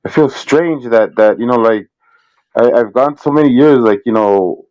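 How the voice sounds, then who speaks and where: A man's voice: mid-range voice, moderate pace, a little mellow, muffled recording. A man joining as a guest in a casual chat, jokey and hesitant, repeating words as he starts.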